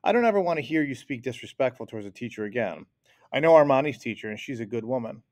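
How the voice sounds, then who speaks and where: A man reading aloud and voicing a stern father who calmly scolds his children. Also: medium pitch, lightly acted. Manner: firm, measured scolding. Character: stern father, calm and firm.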